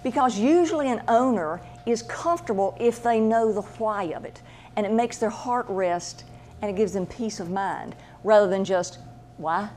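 Woman, animal medium, casual anecdotal talk, lively and chatty, mid-range voice. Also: medium pitch, normal speed, a little hiss or hum. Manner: chatty, animated, acts out voices in her stories.

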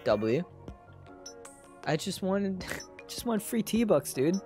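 A woman's voice: mid-range voice, sing-song, slow, mellow, faint music behind. A woman live-streaming a video game, giggling, swearing casually and reading the game's lines aloud.

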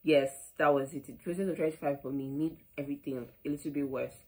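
A young Nigerian woman with a Nigerian accent, telling an animated storytime vlog, full of quoted back-and-forth and "like". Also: low voice, fast talker, poor audio. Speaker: vlogger.

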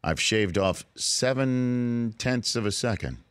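A man's voice: mid-range voice, slow pace, fairly bright tone, clear, resonant tone, dry recording. A man in his forties hosting a sports talk show, telling an earnest, sometimes emotional story in casual studio chat. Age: 40s. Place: radio studio.

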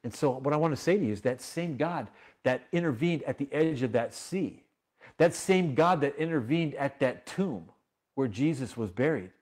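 A man's voice: mid-range voice, expressive, normal speed, darkish tone. A male pastor preaching a sermon, telling a story with animation and acting out its characters.

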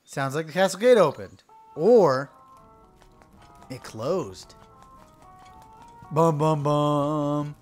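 A let's-play host giving casual commentary on a video game, sarcastic and quick to swear, with loud sudden outbursts. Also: medium pitch, soft background music. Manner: excitable, sarcastic, swears often.

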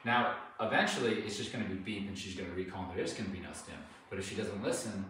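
A man with a lowish voice talks through a dog training session, explaining each step in a plain, steady way. He sounds far from the mic, with a strong echo and a faint hiss behind him. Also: quick pace. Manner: calm explanation broken by high-pitched praise to the dog. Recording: distant echoey mic with faint noise.

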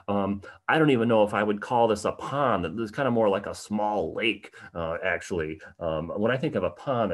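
A man presenting a livestreamed art history program in a casual, conversational way, with many fillers and moments of animated emphasis. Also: fairly low pitch. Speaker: tour guide presenting an online program.

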